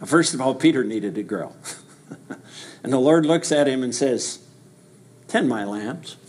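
A man preaching a verse-by-verse sermon, reading scripture aloud and dramatizing quoted dialogue, dropping low and soft for Jesus' words and asking emphatic rhetorical questions. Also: lively intonation, measured pace.

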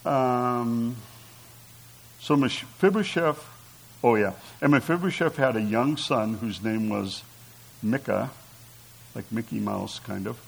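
A man's voice: mid-range voice, slow, vocal fry, long pauses, slightly rough, poor audio. A man preaching a conversational sermon, reading scripture aloud and asking his listeners rhetorical questions. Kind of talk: sermon teaching.

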